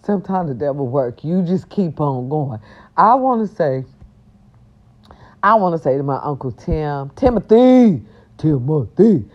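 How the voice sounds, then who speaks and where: Older woman, brash animated vlog rant, lowish pitch, dull lo-fi sound. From American South. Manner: animated and brash, growls and breaks into song. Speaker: vlog host. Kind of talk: casual rant to viewers. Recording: dull lo-fi audio.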